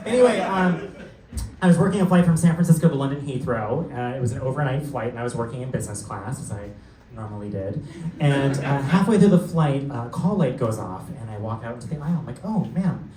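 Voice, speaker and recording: A young man doing a live stand-up set, telling stories in a camp, sassy way with quick asides. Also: medium pitch, expressive. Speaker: stand-up comedian. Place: theater stage before a laughing crowd. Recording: roomy live theater sound, mic distant, crowd audible.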